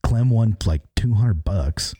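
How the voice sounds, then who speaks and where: A man's voice: fairly low pitch, lively intonation, slow, warm tone, husky. A man co-hosting a podcast, chatting casually and trading crude, joking banter. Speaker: podcast co-host. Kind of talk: casual chat.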